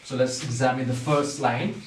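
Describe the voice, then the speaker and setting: A man's voice: mid-range voice, fairly even intonation, slight background noise. A man teaching a class on poetic meter, explaining step by step and often asking "okay?" to check that students follow. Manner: slow, repetitive, checks understanding with "okay?". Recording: echoey room, distant mic.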